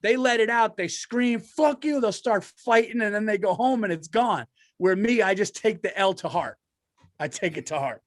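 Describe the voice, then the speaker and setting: A man's voice: high-pitched, moderate pace, no echo, clean studio sound. A man co-hosting a comedy podcast in casual chat, rambling and self-deprecating with many restarts. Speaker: podcast co-host.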